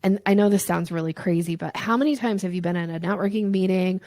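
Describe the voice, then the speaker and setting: A woman with a lowish voice talks fast in a dry recording. She's a sales coach explaining her method in a conversational interview, animated throughout and acting out short examples in playful little voices.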